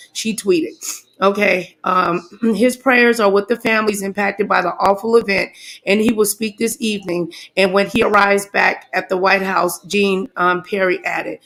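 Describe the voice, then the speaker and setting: A woman's voice: mid-range voice, a bit bright, rough recording. A woman hosting a live stream, shaken and stumbling as she reads breaking news aloud.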